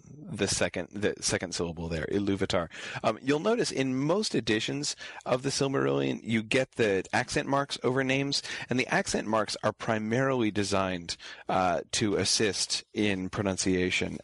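A man's voice: on the low side, gravelly, fairly bright tone, dry recording. A man lecturing an online class and taking viewer questions, explaining patiently and often stopping with fillers and restarts. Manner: halting, many fillers and restarts.

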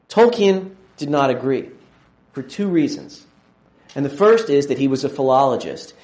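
A man's voice: mid-range voice, darkish tone. Enthusiastic male lecturer in an echoey room. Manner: enthusiastic, digressive, with restarts. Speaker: university lecturer. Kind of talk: classroom lecture.

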